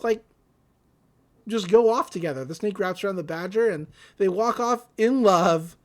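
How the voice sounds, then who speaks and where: A woman's voice: mid-range voice, normal speed, darkish tone. A woman casually recapping a cartoon episode on a podcast, rambling and acting out the characters. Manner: rambling storytelling with fillers and laughs, acting out characters. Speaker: podcast co-host.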